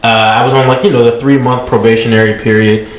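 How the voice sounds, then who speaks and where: A man's voice: mid-range voice, flat delivery, quick pace, roomy sound, poor audio. A man co-hosting a comedy podcast, chatting casually with blunt, swearing reactions. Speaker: podcast co-host. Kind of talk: casual chat.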